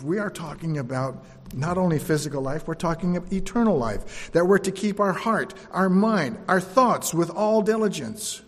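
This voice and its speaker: A man's voice: a little high, moderate pace. Man preaching in a reverberant hall. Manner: repeats lines for emphasis, dropping to soft tones. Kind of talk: sermon.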